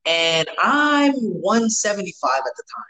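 A man's voice: high voice, big pitch swings, unhurried, bright, forceful tone, low-quality recording. A man, telling rambling, profane stories with lots of restarts in a casual chat. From New York.

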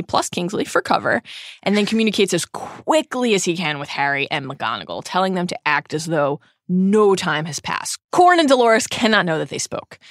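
A woman's voice: fairly low pitch, no echo, clean studio sound. Emphatic woman recapping a book. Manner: brisk summarizing with emphatic asides. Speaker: podcast co-host.

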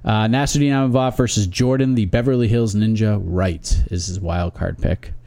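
A man's voice: fairly low pitch, fairly even intonation, moderate pace, warm tone, no echo. Wry man reading emails, dry sound. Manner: wry, reads listener emails aloud. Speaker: podcast co-host. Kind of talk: casual sports podcast chat.

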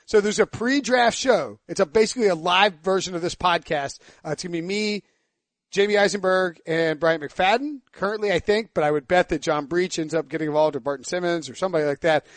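A man with an Eastern North Carolina accent hosting a casual sports podcast, rambling and self-deprecating with quick asides. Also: sits high, no room sound. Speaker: podcast host.

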